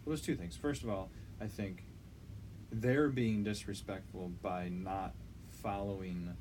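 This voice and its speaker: A man's voice: on the low side, fairly even intonation, a little slow, a little mellow, a little hiss or hum, poor audio. A young man co-hosting a podcast, telling a rambling story in casual chat, correcting himself and swearing now and then. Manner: rambling, self-correcting, swears when retelling anger. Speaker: podcast co-host.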